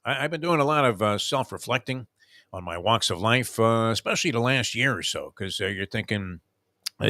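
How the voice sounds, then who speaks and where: Lively, bright-voiced older radio host. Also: male voice, fairly low pitch, moderate pace, dry recording, studio quality. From South Florida resident for over forty years. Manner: animated storyteller, shouts quoted lines, many "uh" fillers. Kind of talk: casual morning radio chat.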